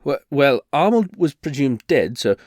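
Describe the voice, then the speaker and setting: A man's voice: medium pitch, very animated, a little slow, darkish tone, dry recording, clean studio sound. A man voicing a flustered male bard turned reluctant duke, who stammers and hesitates nervously.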